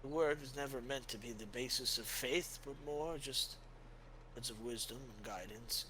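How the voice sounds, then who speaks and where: A weary old dwarf priest, as a man puts him on for a tabletop game. He talks in a soft, halting way, losing words and names. His tone is bright and clear over a faint hiss. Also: mid-range voice, lightly acted, rough recording. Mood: gentle. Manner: halting, hesitant, searching for names. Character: tired old male dwarf priest, gentle.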